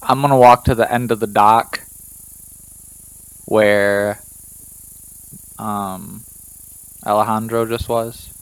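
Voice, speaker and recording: A man's voice: fairly low pitch, fairly even intonation, slow, pauses often, clear, resonant tone, no echo, rough recording. A man playing a tabletop game, eagerly describing his character's actions and swearing casually. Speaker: player.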